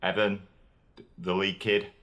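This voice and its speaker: A man's voice: low-pitched, level tone, unhurried, a bit bright. A man narrating a comedic TV review, sardonic and profane, often poking fun at himself. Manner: sardonic, profane, self-mocking.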